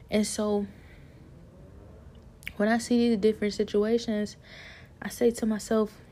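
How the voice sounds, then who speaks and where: A woman's voice: fairly low pitch, mellow. A woman pouring out her frustration in a personal monologue, with features, full of rhetorical questions and pleading.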